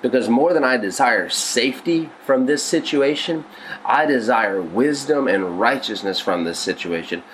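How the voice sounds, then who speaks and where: A man's voice: medium pitch, animated, moderate pace, fairly bright tone, slight background noise, low-quality recording. A male pastor teaching on a devotional podcast, earnest and conversational, often restarting his sentences.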